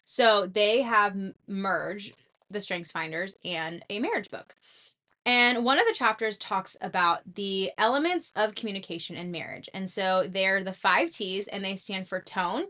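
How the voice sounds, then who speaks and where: Bright, chatty young woman podcaster. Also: mid-range voice, measured pace. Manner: chatty, animated, full of "like" and acted-out quotes. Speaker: podcast host. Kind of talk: casual advice talk.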